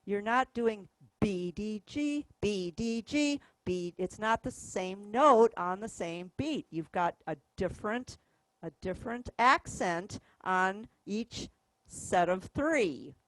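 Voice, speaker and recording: This low-quality recording, free of room sound, captures a woman with a medium-pitched, expressive voice speaking slowly. She gives classroom instruction at a music store workshop, patiently counting out rhythms and singing the notes aloud.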